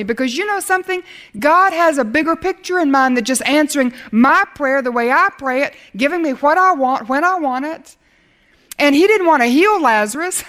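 A woman delivers a sermon in an earnest, emphatic voice that sits a little high for a woman. At moments she drops into a quiet hush to make a point. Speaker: Bible teacher.

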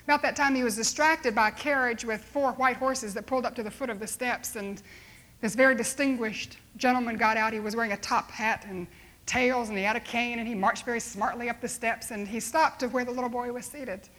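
A woman preaching a sermon, telling a story dramatically and slowing to soft, hushed appeals. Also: fairly high pitch, steady tone.

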